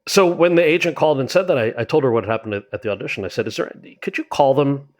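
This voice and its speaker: A man's voice: medium pitch, quick pace. A man talking as a guest about his memoir in an interview, telling candid, wry stories in a conversational way. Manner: animated, candid, wry storyteller. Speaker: guest author.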